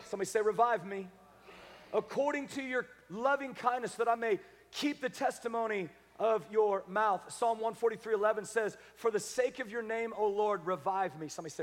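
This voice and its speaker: A male pastor preaching a sermon, leading the congregation to repeat words and swinging between loud exhortation and hushed intensity. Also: extremely high pitch, brisk, in a large hall. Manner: leads congregation call-and-response.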